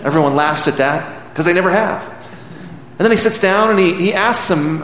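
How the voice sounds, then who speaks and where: A man's voice: high-pitched, normal speed, a bit bright. A man preaching a sermon, earnestly retelling a film scene as a story. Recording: echoey hall with faint background noise.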